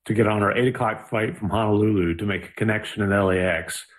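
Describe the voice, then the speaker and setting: A man with a fairly low voice co-hosting a podcast. He explains things patiently in a relaxed, conversational way. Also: fast. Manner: easygoing, explanatory. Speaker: podcast co-host. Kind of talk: casual podcast chat.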